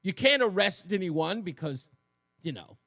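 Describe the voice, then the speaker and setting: A man in his fifties hosts a talk radio show, telling personal stories in a high, lively voice that leaps up and down. He slips in sarcastic asides. The studio sound is dry and close. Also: unhurried, no echo. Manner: animated storytelling with sarcastic asides. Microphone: studio microphone.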